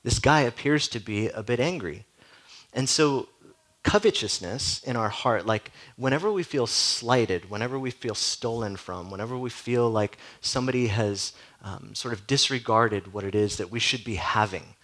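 A man's voice: mid-range voice, normal speed, a bit bright, poor audio. A man preaching a sermon as a pastor, in a conversational way full of "like" and direct questions to the listeners.

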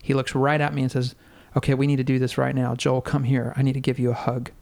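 A man's voice: mid-range voice, completely flat delivery, quick pace, vocal fry, darkish tone. A man guest earnestly recounting a personal faith experience in casual conversation, with frequent fillers and restarts. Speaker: podcast guest.

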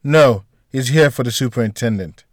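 A man voicing a calm, reassuring female doctor in an audiobook. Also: mid-range voice, normal speed, no echo, clean studio sound, natural voice. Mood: gentle. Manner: gentle, reassuring.

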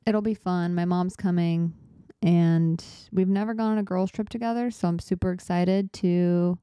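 A woman's voice: lowish voice, fairly even intonation, measured pace, warm tone, clear, resonant tone, dry recording, clean studio sound. A young woman in her twenties hosting a laid-back solo podcast, chatty and self-deprecating, a little out of breath as she rambles. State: slightly out of breath. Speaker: podcast host.

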